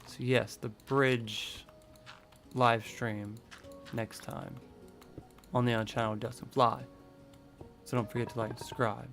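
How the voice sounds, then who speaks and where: A man's voice: mid-range voice, level tone, measured pace, creaky, pauses often, a bit bright, faint music behind. A man live-streaming a building game, thinking aloud in a rambling, casual way.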